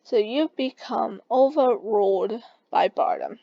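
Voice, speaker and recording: A woman reading a second-person fan story aloud in a halting way, stumbling and restarting words. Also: on the high side, vocal fry, warm tone, no echo, lo-fi sound. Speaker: story reader.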